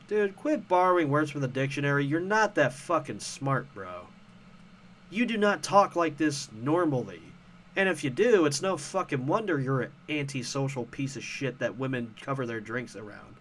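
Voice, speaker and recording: A man's voice: mid-range voice, animated, moderate pace, a bit bright, a little hiss or hum. A man hosting a casual commentary show, ranting about online arguments in a profane, sarcastic, heated way. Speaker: host.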